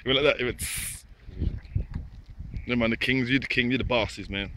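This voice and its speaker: A man vlogs outdoors by a lake, chatting to camera in a laid-back, repetitive way and talking to the birds. His mid-range voice races along with fairly even intonation, captured in a noisy outdoor phone recording.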